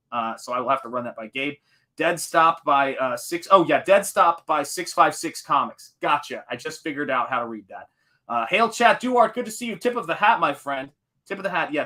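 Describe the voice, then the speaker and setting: A man hosting a live painting stream, chatting in a rambling, animated way as he reads viewer comments and recalls his teaching days. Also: on the high side. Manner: rambling, animated, quotes movies in put-on voices. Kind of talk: casual chat reading viewer comments.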